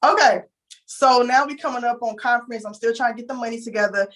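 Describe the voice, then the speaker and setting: Brief: young Texan woman, higher voice, candid and emotional storytelling, calls listeners "y'all". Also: quick pace, fairly bright tone. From Houston, Texas. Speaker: interviewee. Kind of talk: casual storytelling.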